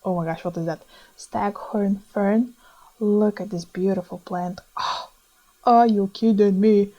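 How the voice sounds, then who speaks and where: A young woman with a Lithuanian accent, chatting excitedly over her own plant shopping footage with small grammar slips. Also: medium pitch, a little slow, dull audio. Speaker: plant vlogger.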